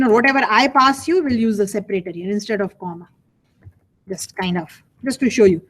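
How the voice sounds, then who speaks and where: A woman's voice: fairly high pitch, fairly quick. Chatty woman lecturing a programming class. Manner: conversational, repeats phrases, asks rhetorical questions. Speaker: college programming instructor.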